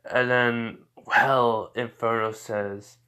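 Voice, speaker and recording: A man's voice: mid-range voice, flat delivery, drawn-out words, bright, forceful tone, clear, resonant tone. A tired man improvising a fan fiction story aloud, rambling with lots of fillers and occasional stutters.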